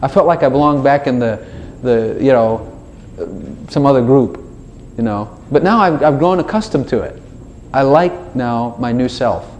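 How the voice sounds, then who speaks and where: The recording has its highs cut off and a little hiss or hum, capturing a man of medium pitch speaking at normal speed. In an informal, conversational sermon, he animatedly acts out dialogues with God, voicing both his prayers and God's replies in shifting tones.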